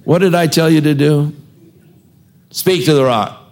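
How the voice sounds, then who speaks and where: Stern, unhurried divine father, done by a male preacher. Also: on the high side, darkish tone, pitched above the performer's own voice. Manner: firm, measured.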